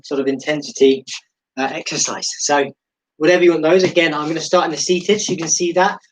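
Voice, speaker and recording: A fitness instructor with a fairly high male voice leads a live-streamed seated and standing exercise class from home on a low-quality recording. He gives encouraging step-by-step cues mixed with chatty, self-deprecating asides.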